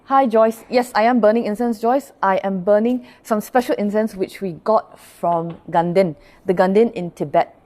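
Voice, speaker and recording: A woman's voice: mid-range voice, steady tone, moderate pace, dark tone. A woman pastor gives a livestreamed Buddhist dharma talk, explaining patiently and often checking in with her listeners. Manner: greets live viewers by name between points.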